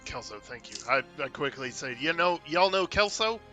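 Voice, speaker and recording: A man's voice: fairly high pitch, animated, normal speed, pushed and bright, soft background music. A man playing in a tabletop game, joking around and swearing freely. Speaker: player. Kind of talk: casual tabletop role-play.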